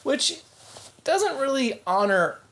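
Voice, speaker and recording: A man's voice: very high-pitched, sing-song, slow pace, a bit bright. A man co-hosting a podcast, chatting casually with dry, wry remarks. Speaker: podcast co-host. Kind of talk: casual chat.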